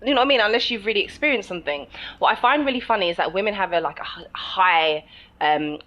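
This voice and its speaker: A woman's voice: mid-range voice, quick pace, fairly bright tone, dull audio. A woman co-hosting a podcast, chatting casually and animatedly, often laughing and acting out quoted voices. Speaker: podcast co-host. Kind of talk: casual chat.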